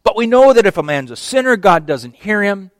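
A preacher voicing a fearless healed beggar. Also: male voice, high voice, very animated, a little fast, no echo. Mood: emphatic. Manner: plainspoken, emphatic storytelling. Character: formerly blind beggar, bold and fearless man.

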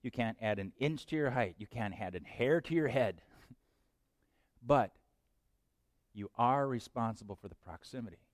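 A man preaching a sermon as pastor, swinging between hushed lines and loud bursts. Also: mid-range voice, expressive, measured pace, long pauses, no echo, studio quality.

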